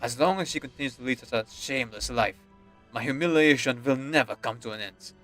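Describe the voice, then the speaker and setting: A man's voice: mid-range voice, fairly quick, a bit bright, faint music behind, close to an everyday voice. A man reading game dialogue aloud, voicing a haughty, contemptuous nobleman father with a stern, scornful delivery. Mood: indignant.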